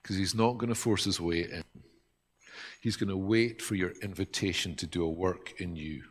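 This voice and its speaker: A man preaching a sermon in an earnest, reflective way, often dropping to a soft hush. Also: low voice, moderate pace, slightly rough. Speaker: pastor.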